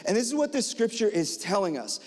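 A man preaching a sermon, telling a personal story in a lively, animated way and acting out the dialogue with lots of fillers. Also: sits high, brisk. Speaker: pastor. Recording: hall reverb.

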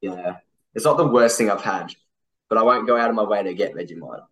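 A man's voice: on the low side, fairly quick, fairly bright tone. A laid-back Australian man hosting a casual interview chat, bantering easily. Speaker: podcast host.

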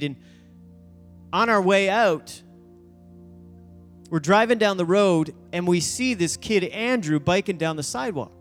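Speaking from the pulpit, a high-voiced youth pastor delivers a sermon story and brings every person in it to life by performing their quoted voices. His words echo with the long reverb of a big church hall, backed by gentle instrumental music.

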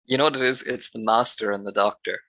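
A man's voice: on the low side, steady tone, fast, sharp tone, dry recording, low-quality recording. A man co-hosting a podcast, talking through a film in a laid-back, analytical way and breaking into laughs now and then. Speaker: podcast co-host. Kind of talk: casual film-discussion chat.

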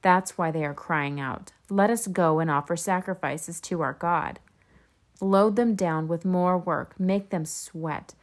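Woman doing a scornful king, slow and emphatic, lowish voice, barking orders. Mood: commanding. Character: scornful male king, harsh and commanding.

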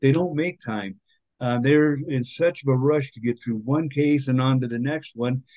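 A man's voice: mid-range voice, moderate pace, darkish tone, dry recording. Guy on a podcast, earnest and kinda fired up, lots of um and you know, dry dull-ish audio. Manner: earnest, indignant, lots of fillers. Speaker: podcast guest, author and activist. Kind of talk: conversational interview.

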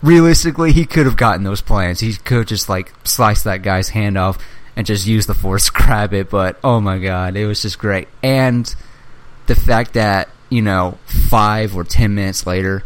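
A young man chatting excitedly as a podcast co-host, swearing freely and acting out movie lines as he retells scenes. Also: fairly low pitch, normal speed. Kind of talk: casual chat.

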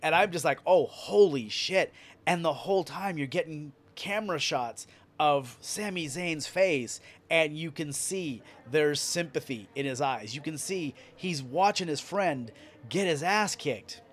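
A male podcast host excitedly recapping a wrestling event in casual, profane storytelling. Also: fairly high pitch, unhurried.

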